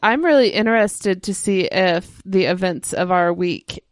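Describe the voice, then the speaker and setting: A woman co-hosting a casual podcast chat, teasing and quick with a quip. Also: on the low side, no echo, studio quality. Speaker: podcast co-host.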